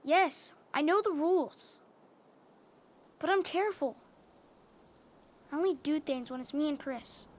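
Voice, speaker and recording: Earnest young Daniel. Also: female voice, sits high, a little slow, pauses often. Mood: insistent. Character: young boy with powers, earnest, a little defiant.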